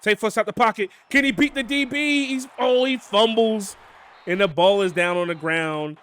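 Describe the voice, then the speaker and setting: A young man giving casual, excitable play-by-play commentary on his football video game, often calling out to "boys" and "man". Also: sits high, moderate pace, clear, resonant tone. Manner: excitable, hypes big plays, keeps saying "boys" and "man". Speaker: gaming YouTuber.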